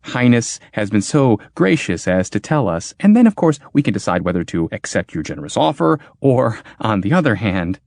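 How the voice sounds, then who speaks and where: A man's voice: lowish voice, big pitch swings, normal speed, gravelly, few pauses, darkish tone, no echo, studio quality. A man voicing a timid male inventor who stammers in a weak voice. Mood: nervous.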